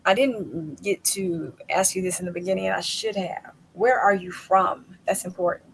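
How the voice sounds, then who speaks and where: Chatty gravelly-voiced woman host. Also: on the low side, moderate pace, slight background noise, poor audio. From southern United States. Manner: chatty, laughs often, acts out quotes. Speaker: podcast host. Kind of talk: casual interview chat.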